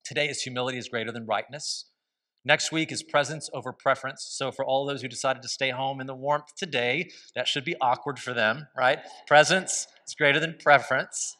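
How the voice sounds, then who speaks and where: A man's voice: medium pitch, steady tone, fairly quick, bright, forceful tone. A man preaching a sermon as pastor, telling stories with a conversational, humorous manner.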